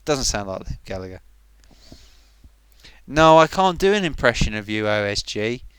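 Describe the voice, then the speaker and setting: A man's voice: on the low side, sing-song, normal speed, a bit bright, smooth, dry recording. A man chatting casually on a live stream, rambling and self-mocking as he answers viewers.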